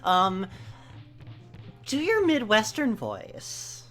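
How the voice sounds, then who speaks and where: A woman from the US West Coast co-hosting a game playthrough, rambling in casual, animated commentary with sudden high exclamations. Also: extremely slow, soft background music.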